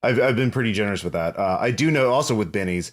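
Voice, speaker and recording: A man's voice: on the low side, lively intonation, fast. A man co-hosting a tabletop game podcast as a game master, talking in an easygoing, thoughtful way. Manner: easygoing, thoughtful, lots of fillers. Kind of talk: casual chat about tabletop games.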